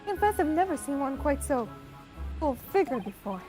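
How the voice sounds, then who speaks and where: A woman reads a prim young female assistant in a video game playthrough, with a high voice. She speaks in a polite, proper way. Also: big pitch swings, moderate pace, over music.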